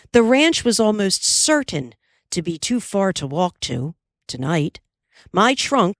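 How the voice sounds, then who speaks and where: A woman narrates a classic novel as an audiobook, taking her time over each phrase. Her lowish voice moves expressively up and down. The recording is dry and close. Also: no room sound. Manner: measured, expressive storytelling.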